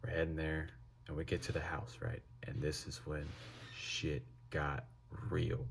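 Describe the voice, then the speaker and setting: A young man telling a casual storytime with lots of swearing and animated delivery. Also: rumbling low, a little slow, vocal fry, a little hiss or hum. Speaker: vlogger.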